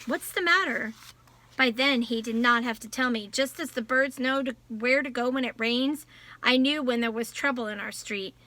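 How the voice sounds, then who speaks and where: A woman reading a novel aloud in a measured storytelling voice. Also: on the high side, steady tone, bright, forceful tone, dry recording. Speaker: audiobook narrator. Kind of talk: scripted novel narration.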